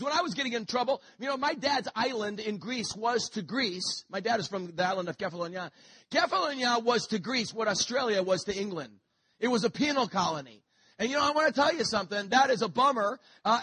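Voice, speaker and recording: Brief: male preacher, very high bright voice, dry close sound, fiery and jokey sermon. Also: dry recording. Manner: shouting, joking, high-energy preaching. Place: church.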